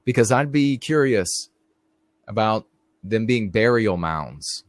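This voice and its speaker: A man's voice: on the low side, expressive, takes it slowly, dry recording. A middle-aged man hosting a live stream, telling rambling stories in a casual monologue and talking straight to his viewers. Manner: rambling storyteller, addresses viewers directly.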